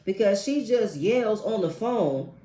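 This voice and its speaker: A woman's voice: mid-range voice, expressive, a little slow, dark tone. A woman giving a casual, sassy recap of a reality TV episode with slangy asides. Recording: echoey room.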